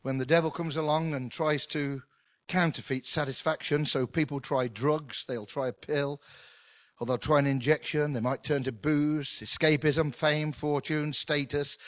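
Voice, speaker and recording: A middle-aged man preaching a sermon in an animated, conversational way with touches of humour. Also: on the high side, a little slow, no echo. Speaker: pastor.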